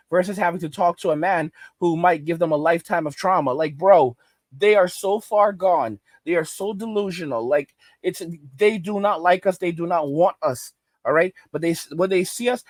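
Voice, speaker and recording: A man rants in a slightly high, indignant voice, circling back over his own phrases. The sound is dry and close, with no room around it. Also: no room sound. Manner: indignant, repetitive ranting. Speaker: commentary host. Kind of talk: ranting video commentary.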